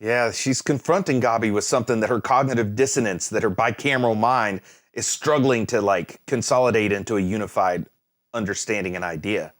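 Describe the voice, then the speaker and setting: A man's voice: on the low side, brisk. A man hosting an anime reaction, chatting casually, exclaiming and laughing at the screen, then musing aloud. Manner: muses aloud, thinking things through.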